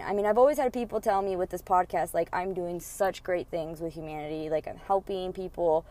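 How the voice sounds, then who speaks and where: A young woman hosting a podcast, telling a story in a casual, excitable way, full of fillers and swearing. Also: medium pitch, brisk, hardly any pauses. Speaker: podcast host.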